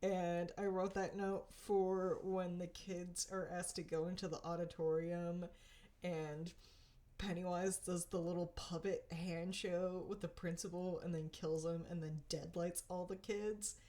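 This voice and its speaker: A young woman casually reviewing a TV episode, animated and often laughing as she vents her frustration. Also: lowish voice, measured pace. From Pacific Northwest. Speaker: TV show reviewer.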